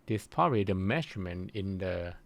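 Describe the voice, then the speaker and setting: A man giving a recorded university lecture, explaining slowly and pausing often to search for his words. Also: sits low, expressive, creaky. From Thailand. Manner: slow, halting explanation with frequent pauses to search for words.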